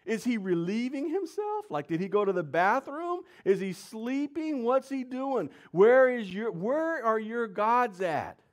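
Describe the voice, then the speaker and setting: A man's voice: high-pitched, lively intonation, brisk, voice pushed up. A man voicing a brash male prophet who taunts his rivals in slangy, swaggering speech. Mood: mocking.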